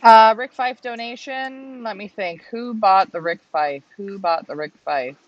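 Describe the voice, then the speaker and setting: A woman's voice: mid-range voice, a little slow, dry recording. Chatty woman co-hosting a live stream. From Canada. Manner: chatty, joking, reads out names. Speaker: co-host of a live pigeon race stream. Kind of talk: casual live-stream chat. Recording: slightly dull lo-fi stream audio.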